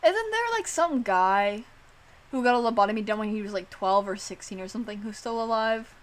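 A woman streamer chatting casually, animated and swearing, filling her talk with "like.". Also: medium pitch, fairly quick. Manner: animated, swearing, heavy use of "like".

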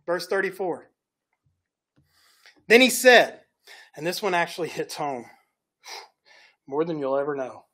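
A woman's voice: deep voice, lively intonation, unhurried, long pauses, a bit bright. A woman preaching a conversational sermon, chatty and often checking in with "right?" while acting out the scenes. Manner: chatty, keeps asking "right?", acts out scenes.

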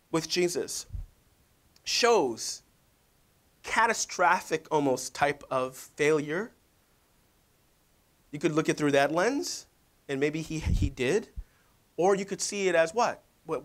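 A man's voice: sits high, a bit bright. A middle-aged male pastor preaching in a church, conversational and full of rhetorical questions to the audience. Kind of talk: sermon.

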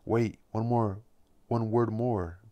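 A man reading as a restless young poet, earnest and low. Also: level tone, a little fast, darkish tone, close to an everyday voice. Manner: earnest, pleading.

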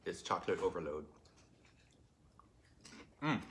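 A man's voice: low voice, big pitch swings, unhurried, fairly bright tone. A man, a dad in a family vlog, chatting casually with a playful, hammy delivery.

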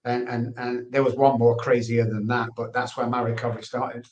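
A man's voice: medium pitch, little pitch movement, moderate pace. Guy telling his life story, earnest, keeps repeating stuff, echoey room. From England. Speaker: guest. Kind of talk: candid personal testimony. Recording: roomy, echoey sound.

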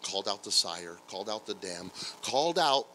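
A male pastor preaching a sermon, swinging from hushed, stammering storytelling to loud, shouted praise. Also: on the low side, very animated, moderate pace, a little hiss or hum, poor audio. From United States. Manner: stammering restarts when storytelling. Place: church sanctuary.

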